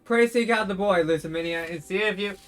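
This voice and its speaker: A man's voice: high voice, a little fast, a bit bright, soft background music. A man reading out a troubled adult knight in a fantasy game, using archaic formal speech.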